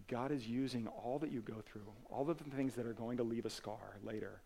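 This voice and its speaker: A man's voice: mid-range voice, fairly quick, gravelly, few pauses. A man preaching a sermon as pastor, earnest and conversational, with casual asides and restarts. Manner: earnest, swings from emphatic to soft and quiet.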